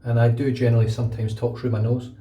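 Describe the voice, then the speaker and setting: A Glaswegian man from Scotland talking casually and quickly while he shaves, dropping in asides like "know what I mean". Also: mid-range voice, little pitch movement, roomy sound, far from the mic, dull audio. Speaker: wet shaving channel host. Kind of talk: casual talk over a shave.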